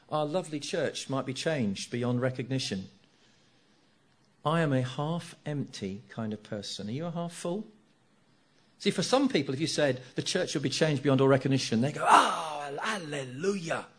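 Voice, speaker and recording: Older male preacher, mid-pitched, playful, acts out reactions as he preaches. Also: moderate pace. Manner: animated, jokey, acts out congregation reactions. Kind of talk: sermon.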